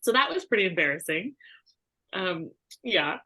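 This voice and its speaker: A woman's voice: on the low side, sing-song, moderate pace, sharp tone. A woman chiropractor chatting with colleagues, telling embarrassing stories with self-mocking laughter. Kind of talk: casual storytelling among colleagues.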